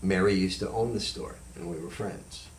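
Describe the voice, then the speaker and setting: Man, lively storyteller. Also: low voice, normal speed, a crowd in the background. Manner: animated, acts out the voices in his stories. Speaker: host and psychic medium. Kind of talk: casual storytelling on a talk show. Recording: echoey room, far from the mic, faint noise.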